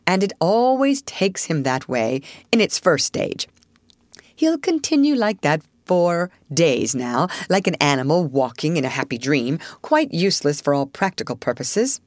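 A woman reading aloud while voicing a male water rat who is firm and practical, sharp and loud when roused. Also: lowish voice, dry recording, studio quality. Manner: sharp and forceful when angry, firm otherwise. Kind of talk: storybook reading.

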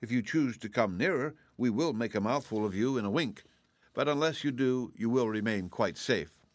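A man voicing a proud, hungry young dragonette in an audiobook, speaking in a rasping, formal drawl. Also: mid-range voice, animated, normal speed, dry recording, voice pushed up, close to an everyday voice. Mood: haughty. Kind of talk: audiobook reading.

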